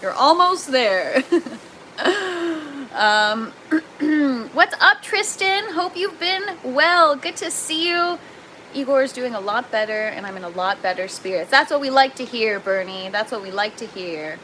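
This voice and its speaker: A chatty young Canadian woman hosts a gardening livestream, excitable and quick to laugh as she answers viewers. Her voice is bright and a little high. A faint hum of the room sits behind her. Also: rough recording. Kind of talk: casual livestream chat, reading viewer comments aloud.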